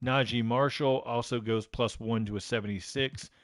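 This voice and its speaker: Man, stream host, casual rambling delivery, mid-pitched, dry sound. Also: fairly even intonation, normal speed, dry recording. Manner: chatty, lots of ums and uhs. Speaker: gaming channel host. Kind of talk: casual live-stream commentary.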